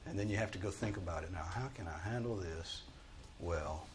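Man, Bible study teacher, fairly low pitch, conversational, emphatic, self-correcting. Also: brisk, noisy background. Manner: conversational, emphatic, with frequent restarts.

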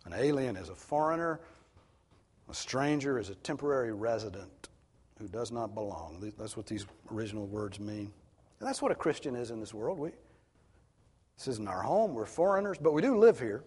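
A male pastor delivers an earnest, emphatic expository sermon. His husky voice rises and falls in lively swings of pitch. The sound trails off in the long reverb of a large hall. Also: normal speed.

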